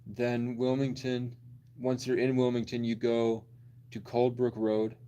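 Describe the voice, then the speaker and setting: A man's voice: mid-range voice, completely flat delivery, unhurried, warm tone. A man in his twenties telling a long personal story in a rambling, blunt, profane way on a livestream. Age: 20s.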